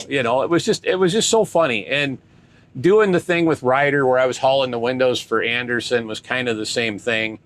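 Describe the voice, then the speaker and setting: An older man spins a long, rambling story from his trucking days. He talks in a chatty, conversational way, often stopping mid-sentence to start over. His voice sits at an ordinary middle pitch. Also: a little fast, a bit bright. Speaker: truck driver vlogger. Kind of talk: casual storytelling.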